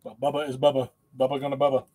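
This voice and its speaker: A man's voice: medium pitch, completely flat delivery, rapid-fire, warm tone. A man hosting a casual livestream, rambling in a folksy, self-mocking way and laughing often. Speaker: host.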